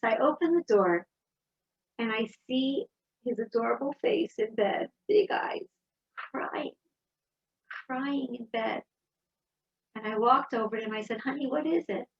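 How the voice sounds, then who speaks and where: A woman speaks in an inspirational talk, telling stories in a lively way. Her voice sits a little high and has a slight husk to it. The recording sounds dull and lo-fi. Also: unhurried, long pauses. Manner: storytelling, warm and animated.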